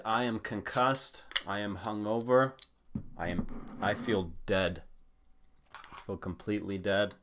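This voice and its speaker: A man's voice: fairly low pitch, steady tone, unhurried, pauses often, background noise. A young man hosting a podcast, telling a rambling, profane story in a casual chat style. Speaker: podcast host.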